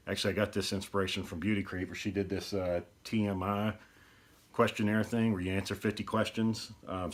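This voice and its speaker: Deep-voiced, rambling man. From East Texas. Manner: rambling and easygoing. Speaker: podcast host. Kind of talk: casual solo video podcast talk.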